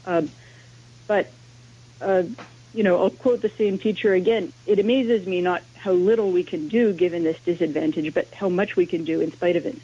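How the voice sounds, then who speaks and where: A woman's voice: on the low side, steady tone, normal speed, dark tone, slightly rough. Woman linguist explaining on lo-fi radio. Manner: explanatory, lecturing. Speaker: guest linguist, language history teacher. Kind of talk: radio interview. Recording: dull lo-fi radio sound.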